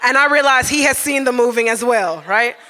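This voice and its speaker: A man tells a comic story live, animated and constantly checking in with "right?". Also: extremely high pitch, fairly quick, in a large hall. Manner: animated, keeps asking "right?".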